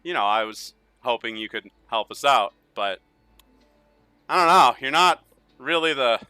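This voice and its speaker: A man voicing a weary, practical noblewoman who speaks softly and apologetically. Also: mid-range voice, animated, measured pace, smooth, no room sound, faint music behind. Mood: apologetic.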